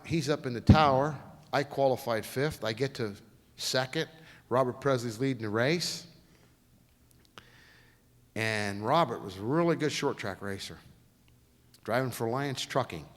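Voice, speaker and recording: A man speaking as a guest lecturer, telling racing stories in a folksy, animated way and acting out the quotes in a lecture hall. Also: mid-range voice, a little slow, pauses often. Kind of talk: storytelling lecture.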